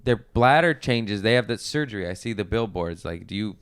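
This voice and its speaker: A man telling crude family stories in a casual podcast chat, loud and animated, with squealing voices for his relatives. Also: fairly low pitch, fairly quick, smooth, no echo, studio quality. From Mexican-American family. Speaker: podcast guest.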